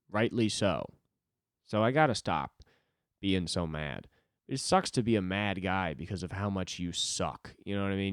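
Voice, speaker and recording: A man's voice: sits low, clean tone, dry recording, clean studio sound. A young man hosting a solo podcast, rambling casually with lots of swearing and self-deprecating asides.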